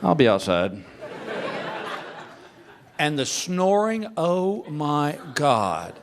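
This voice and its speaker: A man's voice: fairly high pitch, drawn-out words. An older man doing a stand-up comedy routine on a club stage, telling stories with mock exasperation. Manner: animated storytelling, mock exasperation.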